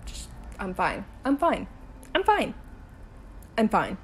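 A woman in a role-play skit, a girlfriend driving her partner home, talking to the listener and swearing while insisting she is calm. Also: medium pitch, slow, a little hiss or hum. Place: in a car.

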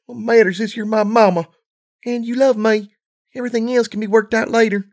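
A man voicing a young filly pony, earnest and blunt, with a high girlish voice and folksy slang in a storybook reading. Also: fairly even intonation, fairly quick, a little mellow.

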